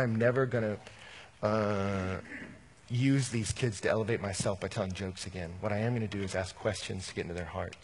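A man preaching a sermon as a pastor, telling personal stories, swinging from animated to quiet and intimate. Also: fairly low pitch, a little hiss or hum.

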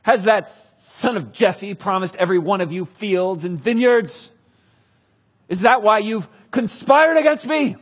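A man voicing a furious, paranoid old king who shouts accusations at his men. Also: sits high, measured pace, breathy edge, voice pushed up. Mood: furious shouting.

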